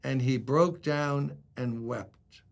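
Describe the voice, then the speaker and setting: With a mid-range, creaky voice and a slow delivery, an older pastor preaches a conversational devotional sermon. He dramatizes the lines he quotes.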